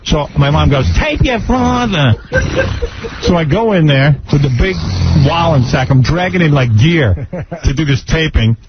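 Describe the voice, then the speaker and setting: A man's voice: a little high, normal speed. A man hosting a radio show, telling family stories in a blunt, mocking way that pokes fun at the people in them. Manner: blunt, mocking storyteller who acts out family members. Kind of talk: casual radio talk. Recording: muffled radio broadcast with background noise.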